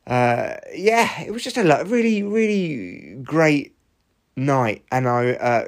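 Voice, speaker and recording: A man, hosting a podcast in a sweary, rambling casual monologue. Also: medium pitch. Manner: sweary, rambling, gets heated then self-mocking. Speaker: podcast host.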